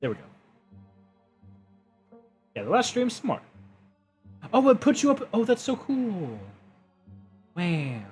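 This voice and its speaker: A man's voice: sits high, huge pitch swings, unhurried, long pauses, darkish tone, breathy edge, soft background music. A man streaming a story game, chatting casually with viewers and making self-mocking asides. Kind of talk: casual gaming livestream chat.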